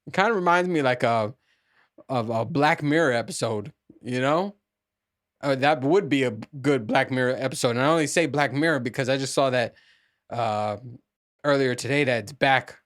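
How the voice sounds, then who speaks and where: A man hosting a casual solo podcast monologue, rambling with restarts and frequent swearing. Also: mid-range voice. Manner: profane, rambling, with many restarts. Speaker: podcast host.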